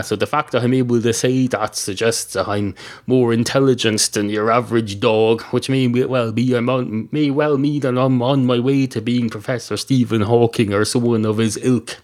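A man hosting a solo comedy podcast from a small spare bedroom, rambling, interrupting himself and swearing freely. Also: mid-range voice. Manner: meandering, self-interrupting, sweary. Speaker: podcast host. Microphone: home podcast mic.

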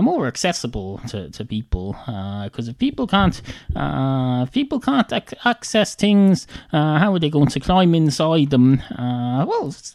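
A man giving a rambling comic monologue, deadpan and halting, with many "uh" fillers. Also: a little high, dry recording. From Ireland.

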